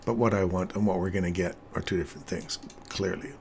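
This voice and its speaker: A man's voice: low voice, fast, a little hiss or hum. An older man hosting a live trading stream, talking casually and chatting with viewers while commenting on charts. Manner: chatty, laughs often, animated when storytelling.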